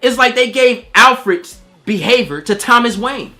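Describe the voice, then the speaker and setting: Animated, slangy man reviewing a movie. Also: very high-pitched, unhurried. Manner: acts out quoted voices. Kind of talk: casual spoiler review.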